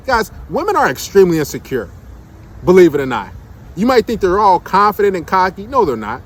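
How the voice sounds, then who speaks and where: A man's voice: high voice, very animated, fairly quick, breathy edge. A man giving blunt, emphatic dating commentary in a casual monologue, full of rhetorical questions.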